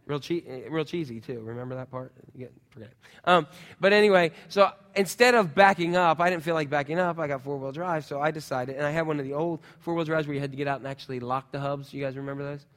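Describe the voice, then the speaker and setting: A middle-aged man preaching a sermon as pastor, telling personal stories in a lively way with sound effects. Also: on the high side, quick pace, in a large hall.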